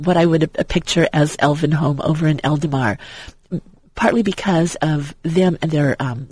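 Man, husky voice, rambling fan chat, dry close sound. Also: on the high side, a little mellow, dry recording, rough recording. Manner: rambling, with many restarts and fillers. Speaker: guest.

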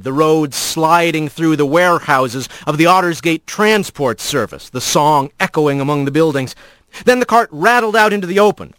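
A man narrating an audiobook in an expressive, animated storytelling manner. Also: fairly high pitch, no room sound.

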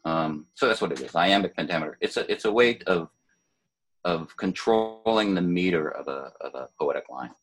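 An older man talks about poetry in a deep, slightly husky voice. He is thoughtful and unhurried, often pausing and restarting his sentences. The tone is that of a relaxed conversation. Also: poor audio. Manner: thoughtful, hesitant, many fillers and restarts. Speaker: poet, former city poet laureate.

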